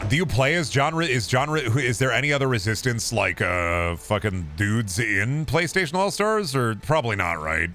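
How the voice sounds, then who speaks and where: A man's voice: mid-range voice, animated, normal speed, few pauses, bright, forceful tone, slight background noise. A man streaming a game, rambling through casual, profane commentary full of jokey asides.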